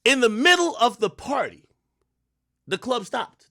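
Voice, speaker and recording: Animated slangy man telling a story. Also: very high voice, moderate pace, gravelly, no echo, studio quality. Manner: animated, swings between loud bursts and muttered asides; slangy, profane street talk. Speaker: streamer host. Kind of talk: casual storytelling monologue.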